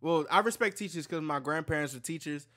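A young man hosts a casual reaction stream. His voice sits high and bright, and he lurches from loud, cursing rants down to quiet mumbles. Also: fairly quick. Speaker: reaction video host.

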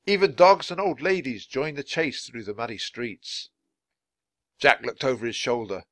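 A man reading a children's storybook aloud in a clear, measured way for learners. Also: medium pitch, fairly bright tone, no echo. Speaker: storybook reader. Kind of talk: children's book read-aloud.

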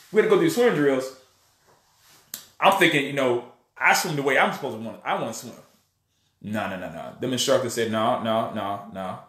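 Animated man telling a story, echoey room. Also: mid-range voice. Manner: animated storyteller, acts out voices, many restarts. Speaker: online preacher and channel host. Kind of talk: casual storytelling monologue.

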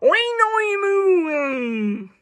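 An eager little farm pig from a picture book, squealing its moos and oinks in a very high voice, as a woman reads it out. It is bumbling but keeps trying, and every noise is overdone. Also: very animated, slow pace, a bit bright, full character voice. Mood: earnest. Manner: squealy, exaggerated animal noises.

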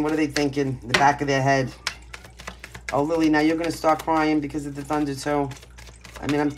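A woman's voice: sits low, a little hiss or hum. A woman from Brooklyn with a Brooklyn accent, giving a casual tarot reading from home in a blunt, brash, emphatic way. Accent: Brooklyn New York. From Brooklyn, New York. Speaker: tarot reader. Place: home, pets nearby.

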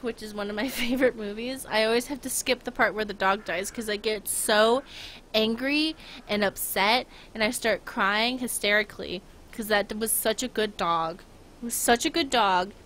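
Bright-voiced young woman streamer. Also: mid-range voice, a little hiss or hum. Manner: rambling and giggly, talks to her dog and chat. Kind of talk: casual live-stream chat.

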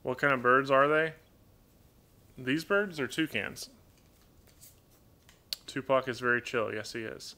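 A man rambles through a casual live Q&A stream at home, his raspy, mid-range voice pushed and bright. He reads chat messages aloud and talks to his pet birds, going a little slow with long pauses.

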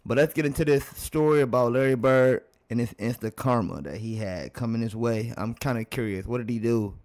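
A man hosting a sports reaction channel with a mid-pitched voice. He chats loosely, wanders off on asides and speaks straight to his audience. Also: a little fast, darkish tone. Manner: chatty, rambling, talks to viewers. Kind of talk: casual reaction commentary.

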